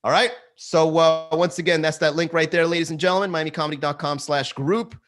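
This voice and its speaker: A man hosting a live comedy podcast, telling stories casually with lots of swearing and sudden high excited outbursts. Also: fast talker. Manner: animated storytelling, swearing, jumps into high excited voices for quotes. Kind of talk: casual live-stream chat. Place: Miami.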